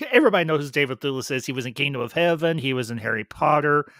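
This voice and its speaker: Enthusiastic and fast-talking, this YouTube reviewer chats through a casual review stream in a slightly high, animated, somewhat bright voice, frequently restarting his phrases. The studio audio is clean with no room sound.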